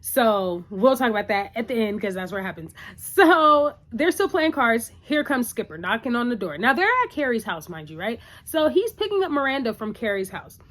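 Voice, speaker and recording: A woman's voice: a little high, sing-song, moderate pace, few pauses, fairly bright tone. A woman recapping a TV episode in a casual, chatty, opinionated way, full of "like" and "you know".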